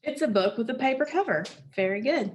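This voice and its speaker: With a high, expressive voice, a woman leads a phonics lesson at a slow, patient pace. She keeps asking questions only to supply the answers herself.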